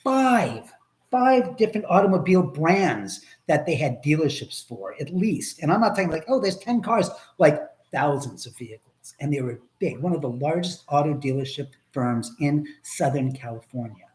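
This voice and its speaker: A man's voice: a little high, moderate pace. A man hosting a live stream, chatting in a rambling, profane way and answering viewer comments as he goes. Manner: animated, profane, reads viewer comments aloud.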